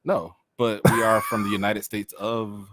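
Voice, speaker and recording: A man's voice: fairly low pitch, flat delivery, a little slow, a bit bright, no room sound, studio quality. A man co-hosting a casual podcast, rambling and joking and often laughing through his banter. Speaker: podcast co-host.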